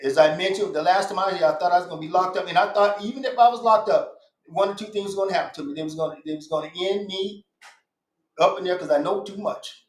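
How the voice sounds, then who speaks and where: A man's voice: high-pitched, fast. A man guest on a podcast, speaking in an emphatic, insistent way and repeating his points. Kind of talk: casual podcast conversation. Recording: echoey room.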